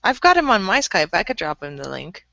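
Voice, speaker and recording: A woman's voice: medium pitch, sing-song, a little fast, vocal fry, bright, forceful tone, dry recording. A woman chatting on a group video call, giggly and self-mocking, slipping into squealing voices, on slightly muffled call audio. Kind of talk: casual group video chat.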